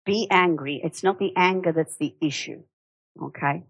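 Low-voiced woman preaching a lively sermon. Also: moderate pace, creaky, husky, no echo, rough recording. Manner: conversational, animated, with rhetorical questions.

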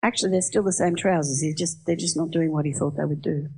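A woman preaching a sermon, telling stories in a lively way and asking the audience questions. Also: low voice, fast, breathy edge. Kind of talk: sermon with storytelling.

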